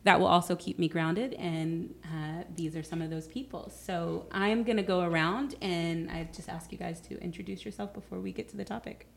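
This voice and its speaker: A woman's voice: lowish voice, steady tone, moderate pace, creaky, hardly any pauses. A woman hosting a podcast, talking earnestly and openly with plenty of fillers. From Dallas, Texas. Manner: earnest and open, with frequent fillers. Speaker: podcast host. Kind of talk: casual podcast talk.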